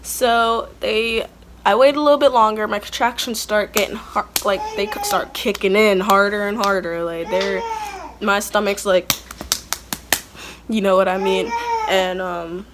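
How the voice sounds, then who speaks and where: A young woman with a medium-pitched, unhurried voice tells the story of her labor for her vlog, chatting and wandering as she goes. She sometimes turns aside to speak to her toddler, and background noise can be heard.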